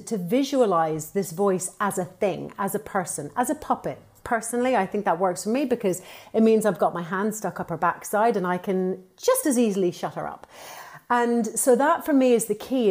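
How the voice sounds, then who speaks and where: A woman, a TV presenter and author, talking animatedly as a podcast guest and acting out quoted voices. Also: medium pitch. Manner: animated, upbeat storytelling with playful quoted voices. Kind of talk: conversational podcast interview.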